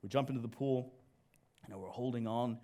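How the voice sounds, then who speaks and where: Man preaching with an animated, joking delivery. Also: mid-range voice, normal speed. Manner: animated storyteller, jokes at own expense, addresses audience. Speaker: church speaker. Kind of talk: sermon with personal story. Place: church service.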